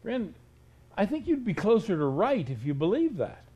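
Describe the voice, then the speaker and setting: A man's voice: high-pitched, big pitch swings, moderate pace, warm tone, breathy edge. A male preacher delivering a stern sermon, pressing his listeners with rhetorical questions.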